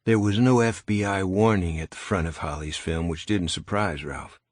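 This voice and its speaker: A man narrating an audiobook in a wry, even storytelling manner, recorded close. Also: sits low, normal speed, dry recording. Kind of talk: scripted narration.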